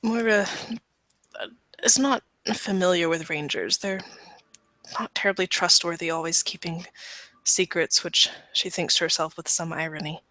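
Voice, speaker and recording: A woman playing a tabletop game, describing her character's actions in a measured, descriptive way. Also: on the low side, pushed and bright, dry recording, poor audio. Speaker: player.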